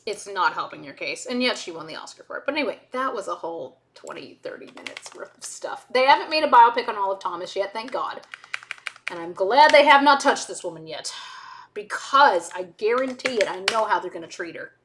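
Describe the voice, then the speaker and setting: A woman's voice: mid-range voice, lively intonation, fairly quick, a bit bright, a little hiss or hum. A woman streaming while she edits, chatting casually in a rambling way with frequent self-interrupting asides. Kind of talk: casual chat while video editing.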